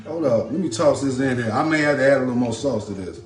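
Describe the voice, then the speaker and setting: A man cooks and chats to viewers on a live stream in his home kitchen, loose and talkative. His voice sits a little high, and the room rings with echo. Faint music plays underneath. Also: big pitch swings, quick pace, fairly bright tone. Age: adult. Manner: loose and chatty, repeats a catchphrase, greets commenters. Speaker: home cooking host. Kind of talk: casual live cooking stream, chatting to viewers.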